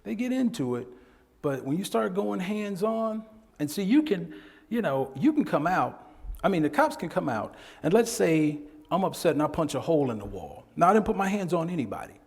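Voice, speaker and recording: Lively man lecturing in an echoey hall. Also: high-pitched, moderate pace, gravelly. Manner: animated, conversational, laughs often. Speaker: workshop presenter. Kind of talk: lecture with storytelling.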